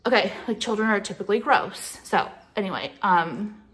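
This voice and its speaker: A woman's voice: medium pitch, animated, moderate pace, a bit bright. A woman vlogger ranting casually to the camera, profane and sarcastic, with lots of "like" fillers. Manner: profane, sarcastic, filler-heavy valley-girl talk. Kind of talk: casual vlog rant to the camera.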